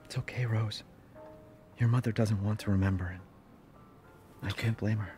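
An actor playing a cautious young father who gently reassures his baby daughter. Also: fairly low pitch, fairly even intonation, normal speed, lightly acted. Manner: gentle, reassuring, slightly defensive. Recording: music in the background.

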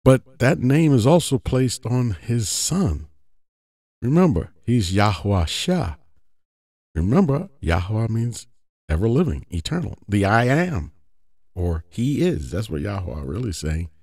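Man, low warm voice, casual teaching monologue, dry close sound. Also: sing-song, measured pace, no echo. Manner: conversational, often asks "right?". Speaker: religious teacher.

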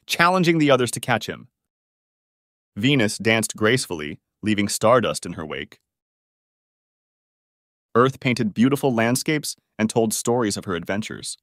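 A man's voice: on the low side, no echo. Man narrating a children's story, dry.

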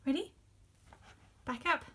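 A woman's voice: slow pace, bright, forceful tone, a little hiss or hum. A woman at home giving short, firm commands to her dog while filming, often laughing. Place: home room indoors.

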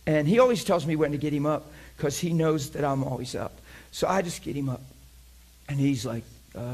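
A middle-aged man preaching, telling a story with lots of laughter and animated energy. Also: a little high, a little fast, breathy edge. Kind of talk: sermon storytelling.

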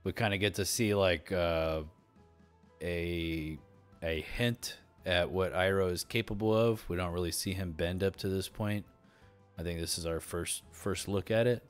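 A man's voice: low-pitched, smooth. A man hosting a casual discussion show, rambling with lots of fillers and restarts into a desktop mic. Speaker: podcast host. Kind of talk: casual chat. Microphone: desktop mic through streaming software.

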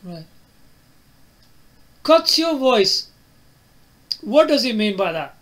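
A man's voice: very high voice, very animated, slow, a bit bright. A man reviewing a phone to camera, asking the viewer questions and tagging his lines with "right?" and "yeah?". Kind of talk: product demo to camera.

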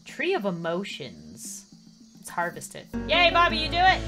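A woman's voice: sits high, wildly swooping pitch, moderate pace, bright, forceful tone, soft background music. A young woman playing a life-simulation game and commenting, reading the game text aloud, often shrieking and laughing. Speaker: gaming YouTuber. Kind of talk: Let's Play commentary.

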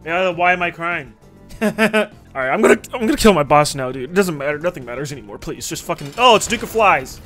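A man's voice: on the high side, lively intonation, brisk, a bit bright, soft background music. A man casually commentating his gameplay for viewers, swearing freely, laughing often and chatting with his audience. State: recently woken up. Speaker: gaming video creator.

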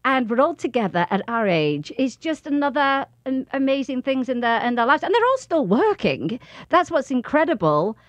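A high-voiced woman gushes about a night she worked on, laughing easily between lines. Her voice rises and falls eagerly, and it sits dry and close to the mic. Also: very animated, moderate pace, dry recording. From United Kingdom. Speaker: podcast co-host. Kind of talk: casual podcast chat.

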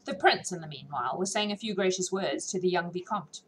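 A woman narrating a classic novel audiobook in a measured, expressive reading. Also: lowish voice, slight background noise, rough recording. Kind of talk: scripted narration.

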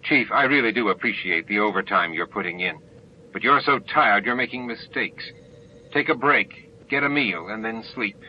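A man's voice: on the low side, moderate pace, lo-fi sound, slight background noise, lightly acted. A man voicing a stern but caring male starship captain who gives firm orders.

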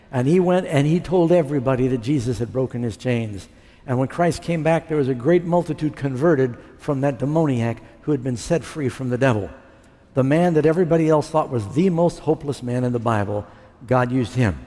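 A man's voice: mid-range voice, moderate pace, dark tone, big-room sound. A man preaching his testimony, telling his story and acting out what he said back then. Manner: storytelling, acting out his own past words. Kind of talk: sermon testimony.

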